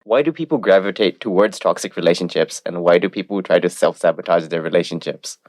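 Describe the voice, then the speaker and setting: Low-voiced male podcast host. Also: a little mellow, no echo, clean studio sound. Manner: brisk, segueing between questions. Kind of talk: reading listener questions.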